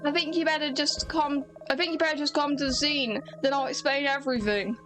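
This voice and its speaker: An eager but unsure male police inspector from a video game talks in an Essex accent, second-guessing himself, as a woman voices him. The voice sits high, and game music plays clearly under it. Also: fairly even intonation, fairly bright tone. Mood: urging. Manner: hurried, hedging, unsure of himself.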